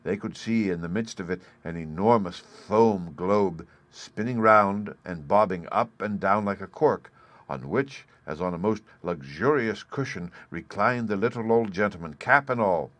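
A man reading a fairy tale aloud in measured storybook narration. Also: fairly low pitch, fairly bright tone, dry recording. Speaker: audiobook reader.

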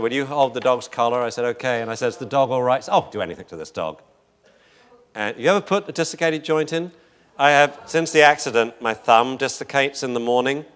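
A man's voice: medium pitch, fairly bright tone. A man teaching a class on dog behavior, telling rambling stories and joking with the room. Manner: jokey, rambling storyteller, laughs often. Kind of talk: lecture with anecdotes.

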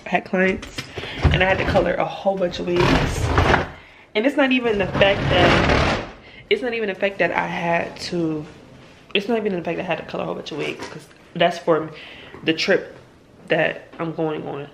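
A woman's voice: lowish voice, moderate pace, gravelly. A woman, venting in a casual vlog about being exhausted before a trip. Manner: tired, venting and exasperated. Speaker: vlogger and hairstylist. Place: in a car, then at home. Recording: noisy phone recording.

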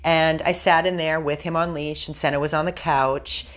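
An American woman with a somewhat low voice makes an earnest appeal on behalf of a rescue dog. She talks straight to viewers in a casual, heartfelt way, now and then slipping into coaxing talk aimed at the dog. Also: steady tone, normal speed. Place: room at a dog rescue house.

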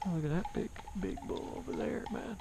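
A rambling, self-mocking travel vlogger with a mild Southern US twang, talking to camera while pedaling a bike outdoors. His voice sits a little higher than most men's. A faint hiss of noise runs underneath. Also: expressive, fairly quick. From Southern United States. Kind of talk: casual chat to camera. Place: outdoors, riding a bicycle.

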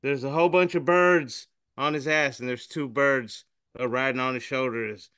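Man, podcast co-host, animated, profane, smooth bright voice, dry close mic. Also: mid-range voice, moderate pace, no echo. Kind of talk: casual podcast chat reading memes aloud.

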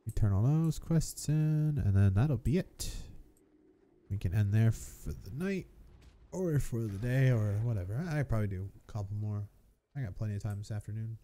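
A man's voice: on the low side, animated, normal speed, mellow. A man casually commenting on his own gameplay, playful and chuckling as he goes. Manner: playful, chuckling, self-narrating. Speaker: gamer, video host.

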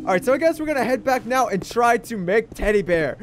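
A young man doing goofy, excitable game commentary, talking to his teddy bear as he plays. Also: extremely high pitch, a little fast, music in the background. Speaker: gaming YouTuber.

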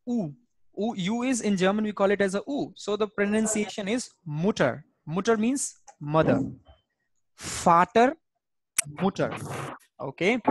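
A language teacher leads an online class over a video call. The teacher speaks at a slow, unhurried pace and patiently repeats each word aloud. The sound is dry and close, with almost no room echo. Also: medium pitch. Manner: patient, repetitive pronunciation drilling.

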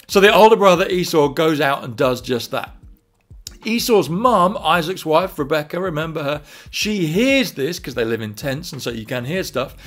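Animated man retelling a Bible story. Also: a little high, moderate pace. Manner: animated, swings between quiet and loud. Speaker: church leader.

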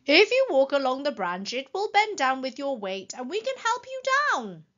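A woman voicing a cheerful, clever male elephant who explains things brightly and patiently. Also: high-pitched, big pitch swings, normal speed, dull audio, voice pushed up.

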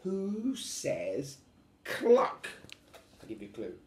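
A man's voice: mid-range voice, expressive, slow pace, roomy sound. A father reading a picture book aloud to his young children in a sing-song way, making the animal noises himself.

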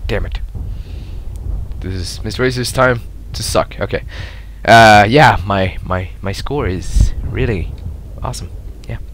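A young man giving live commentary over a shooter game, excitable and foul-mouthed, laughing at his own blunders. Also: measured pace, a little hiss or hum. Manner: excitable, swears a lot, laughs at himself, swings from loud yelps to low mutters. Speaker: gameplay commentator.

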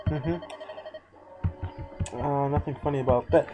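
A man's voice: mid-range voice, steady tone, measured pace, lo-fi sound, over music. A man hosting a let's play, giving casual, sarcastic gameplay commentary and swearing freely.

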